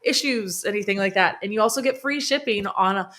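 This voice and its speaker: A gardening host streams live from her home near a sunroom, chatting enthusiastically with lots of fillers and laughs. Her medium-pitched voice is brisk and fairly bright.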